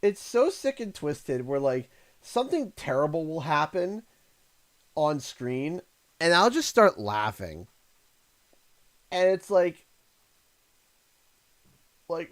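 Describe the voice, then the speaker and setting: A man's voice: a little high, slow, long pauses, no room sound. A man chatting casually while livestreaming a game, rambling through stories with lots of laughter. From Canada. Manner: rambling, animated storytelling with frequent laughs. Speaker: gaming livestreamer. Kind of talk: casual chat while playing. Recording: game music clearly audible behind voice. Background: game music playing.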